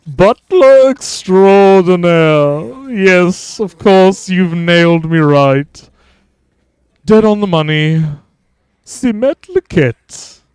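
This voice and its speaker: Pompous French butler, put on by a man, high and drawn out, very dry sound. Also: expressive, very slow, darkish tone, clean tone, no room sound, full character voice. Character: fussy male French butler and confectioner.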